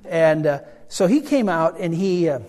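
An older man preaching a sermon as a pastor. He tells a personal story in a chatty, animated way, with self-deprecating humor. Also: fairly high pitch, measured pace. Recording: reverberant hall sound.

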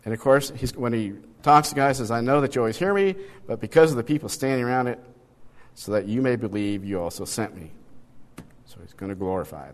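Man teaching Bible study in reverberant hall. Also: medium pitch. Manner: conversational, asks rhetorical questions, reads passages aloud.

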